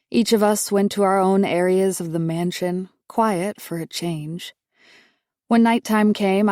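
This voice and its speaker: A woman reading a suspense novel aloud in first person, measured and introspective. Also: fairly low pitch, dark tone, no room sound, clean studio sound. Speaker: audiobook narrator. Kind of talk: first-person audiobook narration.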